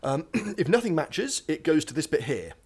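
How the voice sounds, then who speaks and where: A man's voice: on the high side, big pitch swings, normal speed, vocal fry, darkish tone, husky. A young man streaming himself coding at a standing desk in his home office, thinking aloud with lots of ums and asides, a bit out of breath. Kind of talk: live coding stream commentary.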